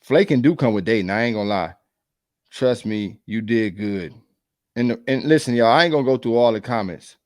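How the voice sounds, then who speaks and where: A man's voice: mid-range voice, animated, moderate pace, no room sound, clean studio sound. A man giving casual reaction commentary on dating, blunt and preachy, full of slang.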